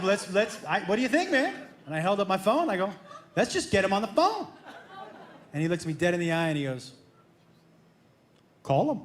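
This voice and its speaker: A man telling a stand-up comedy story, acting out both sides of a conversation with animated shifts in voice. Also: background noise. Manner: animated, acts out dialogue with shifting pitch. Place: comedy club stage. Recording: echoey club with crowd laughter.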